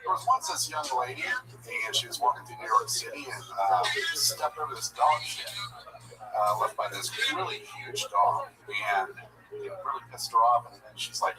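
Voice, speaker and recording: A man's voice: on the low side, big pitch swings, moderate pace, crowd noise. A man in his fifties from Georgia, telling a rambling joke story and chatting as a comedian guest, with many fillers. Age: 50s. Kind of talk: casual stand-up and chat. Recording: distant mic with loud music.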